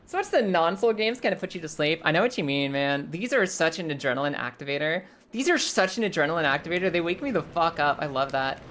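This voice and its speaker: Woman streamer, low voice that swings widely, loose swearing game commentary, faint room noise behind. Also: fast, hardly any pauses. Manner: animated, swears freely, jumps into squeals when startled. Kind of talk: casual live game commentary and chat.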